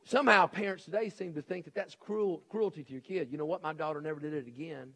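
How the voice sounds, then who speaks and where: A man's voice: on the high side, fast talker, fairly bright tone. A middle-aged man preaching a sermon in an emphatic, folksy way, hammering home his point and acting out the people he quotes. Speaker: preacher and educator.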